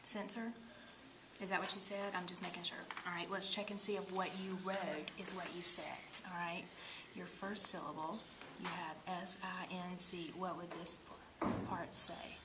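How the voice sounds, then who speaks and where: Low gravelly woman, patient phonics teacher. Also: little pitch movement, background noise. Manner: patient, sounds out syllables slowly, often drops to a whisper. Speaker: reading teacher. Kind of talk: one-on-one phonics tutoring.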